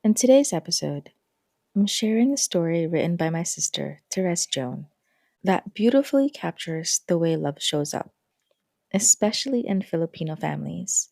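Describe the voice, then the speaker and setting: A woman hosts a podcast and reads a story aloud in a gentle, reflective way. Her voice is mellow and fairly low, recorded dry and close. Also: expressive, normal speed, creaky, dry recording. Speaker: podcast host.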